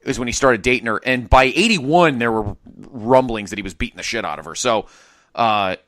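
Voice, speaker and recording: A man in his forties co-hosting a podcast in casual chat, animated and prone to trailing off and restarting. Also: medium pitch, normal speed, no room sound. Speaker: podcast co-host.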